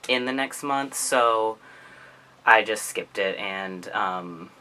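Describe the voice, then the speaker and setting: A man chatting to camera in a casual vlog. His voice is bright and on the lower side. He rambles a little, leans on "like" and breaks into laughs. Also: slow, low-quality recording. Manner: chatty, heavy use of "like", laughs often. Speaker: vlogger.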